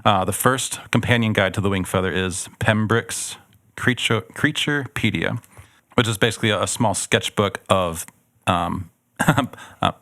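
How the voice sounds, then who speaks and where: A man's voice: on the low side, unhurried, sharp tone, dry recording, studio quality. A man co-hosting a church podcast, recommending a book series in a loose, rambling way full of ums. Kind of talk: casual book recommendation chat.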